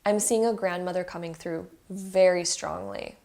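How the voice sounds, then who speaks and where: A woman's voice: lowish voice, fairly even intonation, normal speed, gravelly, dark tone. Earnest chatty woman tarot reader. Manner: earnest, emotional and chatty, with many "like" fillers. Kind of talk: intuitive pick-a-card reading to camera.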